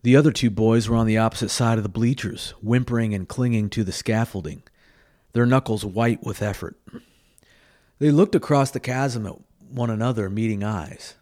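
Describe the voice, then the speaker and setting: A man reading a graphic novel aloud, narrating in a measured, dramatic way with small slips. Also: fairly low pitch, a little mellow, no room sound, clean studio sound. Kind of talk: storybook reading.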